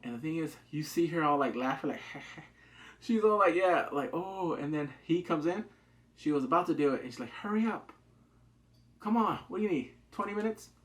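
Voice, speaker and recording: A man giving a casual, excitable recap of a TV drama, acting out the characters' lines in quick asides. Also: a little high. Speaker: TV drama reviewer.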